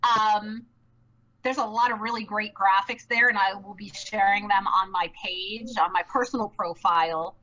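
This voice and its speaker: A woman chatting excitedly on a live stream, bubbly and rambling, with many fillers and restarts. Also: medium pitch, normal speed, highs cut off. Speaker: live stream co-producer and host.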